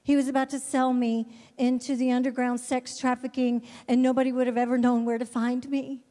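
High-voiced woman preaching in a hall. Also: little pitch movement, dark tone. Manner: fervent, repeats words, halting restarts. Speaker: missionary giving testimony. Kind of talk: testimony sermon. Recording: long reverb of a large hall.

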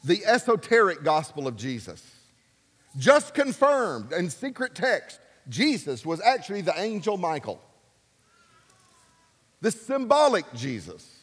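A man preaching a sermon, emphatic and animated, swinging between loud and soft. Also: high-pitched, measured pace, pauses often, slightly rough, in a large hall. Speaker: pastor.

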